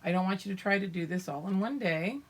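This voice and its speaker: A woman's voice: mid-range voice, fast talker, slight background noise. An older woman teaching young children their letters remotely, patiently sounding out each letter and its sound. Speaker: preschool teacher.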